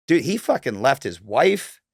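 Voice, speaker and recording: A man's voice: medium pitch, very animated, measured pace, dry recording, studio quality. A man from Northern Canada, telling a story as a podcast guest in a laid-back, heavily cursing way. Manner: laid-back, heavy swearing, fillers like "like". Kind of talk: casual storytelling.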